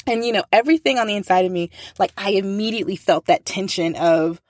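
Animated woman telling a classroom story. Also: mid-range voice, quick pace, no room sound, clean studio sound. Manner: animated, acts out quoted voices, laughs often. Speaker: teacher and faith speaker. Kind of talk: casual storytelling talk.

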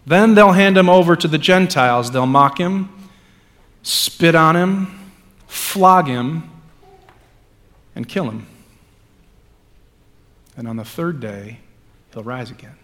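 A male pastor reading scripture aloud and then preaching a sermon, moving between hushed lines and loud ones, with casual asides. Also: on the high side, animated, slow pace, long pauses, in a large hall. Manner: reads scripture with dramatic swings from hushed to loud; conversational asides with fillers.

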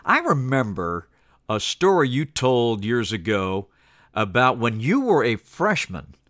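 Lively-voiced male podcast host, dry studio. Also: mid-range voice, unhurried, dry recording. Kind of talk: broadcast-style interview.

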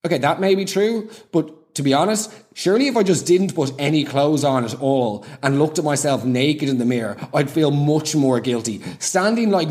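A man's voice: on the high side, darkish tone. A man delivering a sarcastic comic monologue, full of ranting, exasperated asides. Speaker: comedian.

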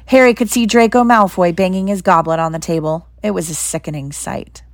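Woman narrator for a storybook reading, steady, dry close sound. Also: fairly low pitch, a little fast, dry recording. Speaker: reader. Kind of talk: reading a novel aloud.

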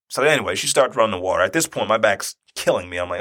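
Husky man in his forties telling a story. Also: lowish voice, brisk. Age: 40s. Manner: conversational, animated, often checks in with "right?". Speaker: speaker and youth basketball coach. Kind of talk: personal storytelling talk.

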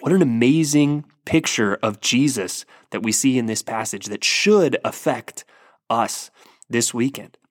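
A man's voice: mid-range voice, measured pace, dry recording, studio quality. A man preaching a sermon, earnest and emphatic, often restarting his words as he builds to a point. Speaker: pastor.

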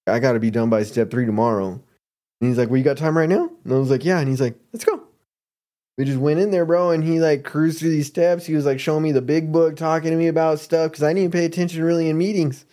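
A man from Arizona spins a casual story as a podcast guest. His voice sits mellow and dark, loose with slang. He slips into quick impressions of the people in the tale. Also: a little high, steady tone. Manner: laid-back, slangy, mimics people in his stories.

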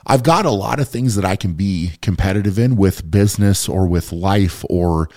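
A man's voice: sits low, moderate pace, darkish tone. A man hosting a podcast in casual conversation, talking earnestly and often checking in with "right?". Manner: earnest, keeps asking "right?". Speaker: podcast host.

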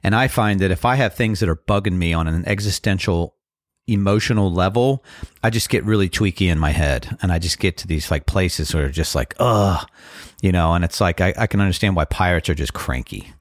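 A man hosting his own podcast, talking casually and reflectively with many fillers, a slight frog in his throat that he keeps clearing. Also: low voice, a little fast, no room sound, studio quality. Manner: rambling, reflective, loose with fillers. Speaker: podcast host. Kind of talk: casual solo podcast talk.

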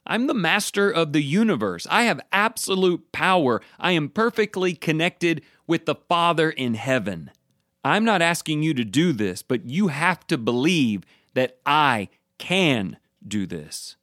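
A man's voice: fairly high pitch, very animated, measured pace, a bit bright, no echo, studio quality. A man voicing Jesus as a commanding, exasperated teacher, speaking emphatically in a sermon retelling. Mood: incredulous.

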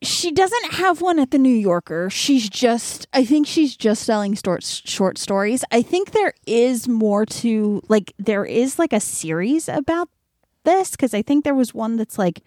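A young adult woman with a fairly high, darkish voice sounds very animated yet unhurried, captured in studio quality with no echo. As a podcast co-host in a casual book chat, she recounts a book's plot chattily, relying on "like" as filler.

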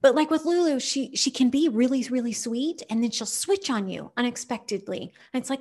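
A woman hosting a podcast, giving a casual motivational talk in a chatty, animated way with playful asides. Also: a little high, a little fast, few pauses. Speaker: podcast host.

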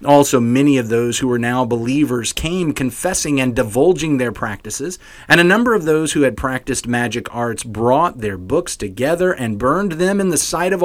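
A man co-hosting a Bible podcast, reading scripture expressively like a story for kids and chatting casually. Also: mid-range voice. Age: adult parent. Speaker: podcast co-host.

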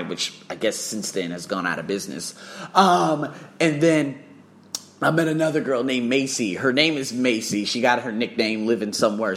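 A man telling a travel story in a casual vlog, profane and excitable, swearing freely as he talks. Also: medium pitch. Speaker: vlogger and English teacher.

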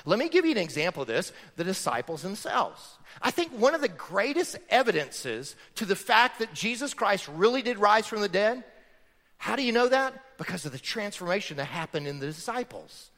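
A man's voice: high voice, very animated, normal speed, fairly bright tone. A man preaching a sermon as pastor, emphatic and full of rhetorical questions to the congregation. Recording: long reverb of a large hall.

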